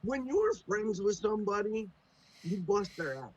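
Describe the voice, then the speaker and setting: A man's voice: high voice, animated, moderate pace, a little mellow, rough recording. A man from the United States, a podcast guest, talking casually with a profane, teasing, joking manner. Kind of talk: casual chat.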